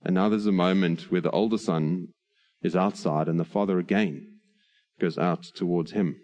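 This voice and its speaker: A man preaching an earnest sermon, slowing on key phrases and adding light humor. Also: deep voice, fairly even intonation, darkish tone. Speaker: pastor.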